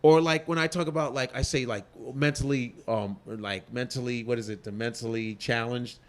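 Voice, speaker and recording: A male comedian in a casual interview, ranting in a profane, animated way. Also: medium pitch, brisk. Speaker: comedian guest.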